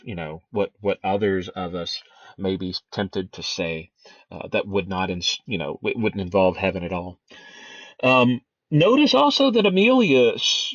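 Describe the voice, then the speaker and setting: A man's voice: lowish voice, animated, moderate pace, no echo. A man teaching a lesson on a play, talking casually with many fillers and restarts. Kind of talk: lecture on a play, reading quotes aloud. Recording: dry, dull lo-fi recording.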